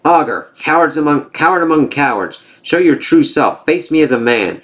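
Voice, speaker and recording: A man's voice: on the high side, animated, moderate pace, a bit bright, pitched above the performer's own voice. A man reading the lines of a stern, proud male thunder god from a comic, declaiming in solemn oaths. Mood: defiant.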